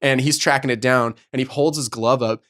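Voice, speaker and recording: A man's voice: medium pitch, fairly even intonation, brisk, a bit bright. A young man co-hosting a podcast, telling coaching stories in casual chat, swearing freely and laughing a lot. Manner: laughing, swears freely, acts out quoted voices. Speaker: podcast co-host and youth baseball coach.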